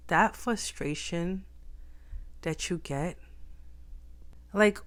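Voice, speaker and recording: A woman's voice: fairly low pitch, moderate pace, a bit bright. A woman talking in a reflective personal vlog, emphatic and repeating phrases for stress. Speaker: vlogger.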